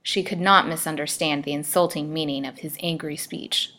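A woman storyteller narrating a classic novel in a measured, expressive reading. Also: sits low.

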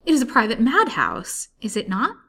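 A woman's voice: fairly low pitch, fairly quick, vocal fry, fairly bright tone. This is an earnest, desperate young woman who pleads to be believed, as a woman reader acts her out. She talks in a storybook reading with a lifted, urgent voice. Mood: anguished. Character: frightened young woman prisoner, pleading and passionate.

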